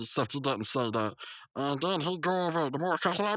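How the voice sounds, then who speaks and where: A man co-hosting a podcast, casually recapping a cartoon episode in a slangy, animated way and acting out the characters' lines in voices. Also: a little high, a little fast, no echo, poor audio. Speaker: podcast co-host.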